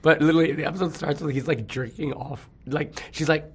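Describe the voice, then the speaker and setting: A man's voice: a little high, steady tone, a little fast, husky. A man in casual celebrity gossip chat, campy and rambling, laughing often and breaking into song.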